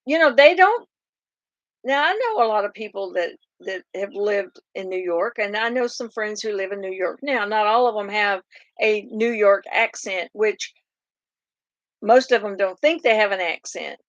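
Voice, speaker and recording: A woman's voice: medium pitch, expressive, moderate pace, dry recording, lo-fi sound. A middle-aged woman from Oklahoma with a Southern drawl, hosting a casual live farm chat and answering viewer comments in a rambling way with lots of fillers. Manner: chatty and rambling, many fillers and restarts. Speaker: farm livestream host.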